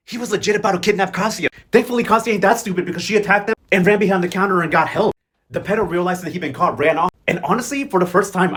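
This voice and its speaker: A man's voice: sits high, a bit bright. A man recapping a soap opera in casual, sassy commentary, full of slang and mocking impressions of the characters. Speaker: host.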